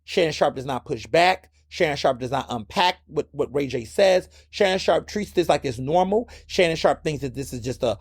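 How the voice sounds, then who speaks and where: A man's voice: fairly high pitch, lively intonation, normal speed, vocal fry, few pauses, breathy edge, dry recording, clean studio sound. A man hosting his own podcast, giving blunt, impassioned solo commentary and repeating words when worked up. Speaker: podcast host.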